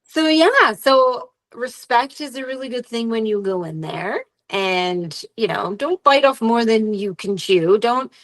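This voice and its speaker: A woman's voice: on the high side, animated, a little slow, hardly any pauses, a bit bright. A young adult woman co-hosting a podcast in casual chat, candid and swearing freely, acting out quotes as she talks. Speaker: podcast co-host.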